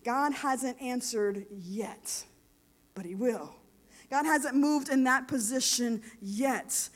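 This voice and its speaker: High-voiced woman preaching a sermon. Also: slow. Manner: impassioned, swings from quiet teaching to loud, rising exhortation.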